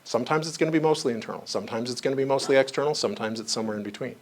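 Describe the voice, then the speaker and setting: Man, training lecture, conversational, mid pitch, slips into voices for anecdotes. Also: racing. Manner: conversational, acts out quoted voices in stories; frequent asides like "you know" and "right". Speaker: psychologist giving a staff training.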